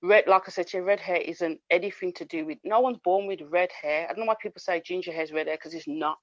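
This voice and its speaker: A podcast co-host chats casually, speaking emphatically, talking over others and repeating her points. Her fairly low voice runs at a quick pace with fairly even intonation. The recording is dry, with dull lo-fi sound.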